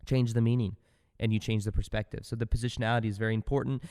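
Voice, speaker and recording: A man hosts a spiritual self-help podcast in a loose, animated motivational style, dropping into low asides and then jumping to loud bursts. His voice sounds smooth and resonant at a middle pitch. A long reverb trails after his words. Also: very fast. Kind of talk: casual motivational talk.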